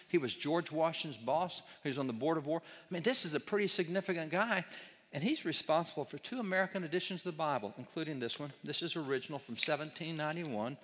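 A man's voice: on the high side, a bit bright, big-room sound. A man giving an emphatic lecture with slides to an audience, asking rhetorical questions and mocking opposing views. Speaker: speaker on history.

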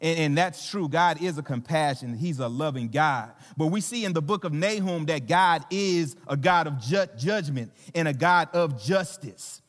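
High-voiced Southern pastor in a reverberant hall. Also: male voice, moderate pace, few pauses. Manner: conversational, playful with the crowd, many fillers and restarts. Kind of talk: sermon. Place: church sanctuary.

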